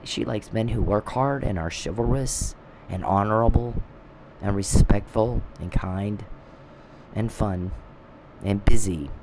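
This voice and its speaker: Brief: low-pitched man, bitter confrontational rant, noise behind him. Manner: bitter, confrontational, speaks straight at an absent foe. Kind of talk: ranting monologue. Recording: steady background noise.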